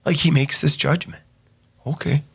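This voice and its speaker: A man's voice: fairly high pitch, moderate pace, vocal fry, husky. A man, a pastor co-hosting a radio talk show, chatting casually about a movie and acting out what people said. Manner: animated, quotes people in voices, frequent fillers. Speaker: pastor and co-host.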